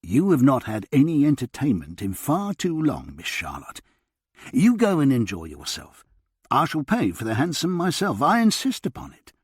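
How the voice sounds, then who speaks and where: A man voicing a kind older retired surgeon who talks in a gentle, coaxing way. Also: medium pitch, huge pitch swings, moderate pace, breathy edge, no room sound, studio quality, pitched above the performer's own voice. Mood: kindly. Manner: kindly, coaxing.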